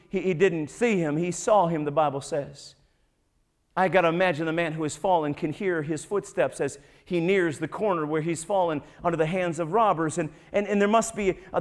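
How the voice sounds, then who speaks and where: A man preaching a sermon as pastor to his congregation, often stammering and repeating words, dropping low and quiet, then building to loud, drawn-out emphatic peaks. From United States. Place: church sanctuary.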